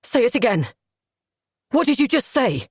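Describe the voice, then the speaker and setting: A woman voicing a furious grown man who shouts and roars at his wife in an audiobook. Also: on the high side, big pitch swings, moderate pace, breathy edge, no echo, studio quality. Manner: shouting, roaring, then grunting through pain. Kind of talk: audiobook character voice.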